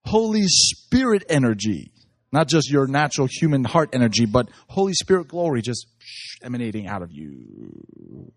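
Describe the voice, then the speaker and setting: A man preaching, telling excited stories from his services and often laughing as he talks. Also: medium pitch, moderate pace, creaky, dry recording, clean studio sound. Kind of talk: animated sermon storytelling.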